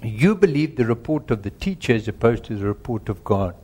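A man's voice: medium pitch, sing-song, a little fast, a little mellow, husky. A middle-aged man preaching a sermon, earnest and emphatic, working through numbered points and speaking directly to the congregation. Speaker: pastor.

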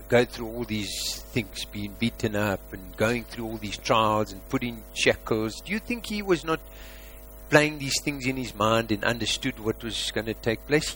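A man preaching a sermon as a pastor, asking rhetorical questions and swinging between loud emphasis and quiet asides. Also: medium pitch, slight background noise, rough recording.

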